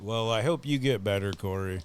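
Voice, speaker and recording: A man's voice: on the low side, normal speed, clean tone. A man hosting a casual podcast, rambling with lots of fillers and laughing often. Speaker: podcast host.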